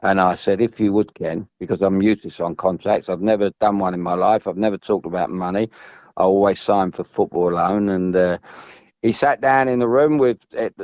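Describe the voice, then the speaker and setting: A lowish male voice comes through a dry, muffled recording. The speaker, a former footballer from England, is a podcast guest whose storytelling meanders at length, with frequent restarts and repetition.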